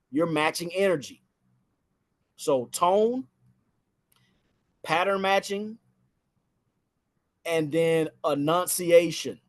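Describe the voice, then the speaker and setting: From inside a house, a man with a higher-pitched voice delivers a casual spoken training on phone sales. He repeats phrases to drive his points home.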